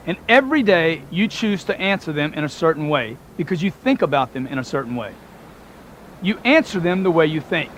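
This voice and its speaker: A man's voice: fairly high pitch, fairly bright tone, a little hiss or hum. A man giving a motivational audiobook talk, emphatic and punchy, driving points home with repetition. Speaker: motivational speaker.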